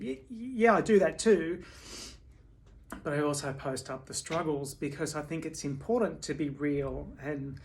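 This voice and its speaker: A tired woman speaking candidly at home in a personal video diary, halting, with many restarts and fillers. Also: deep voice, a little hiss or hum. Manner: candid and confessional. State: tired from sleepless nights. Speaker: vlogger.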